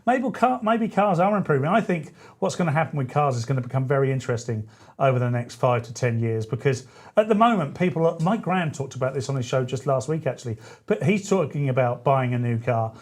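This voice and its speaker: A man's voice: mid-range voice, lively intonation, fairly quick. A man hosting a talk radio show, chatty and rambling, often correcting himself mid-sentence. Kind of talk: casual talk radio chat.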